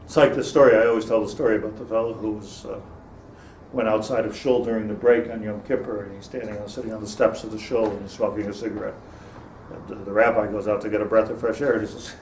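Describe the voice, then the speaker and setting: A man's voice: fairly low pitch, steady tone, fast, a little mellow. A man, a rabbi, giving an informal Torah lecture to a class, digressing, restarting sentences and laughing at his own jokes. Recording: roomy, distant mic with faint noise.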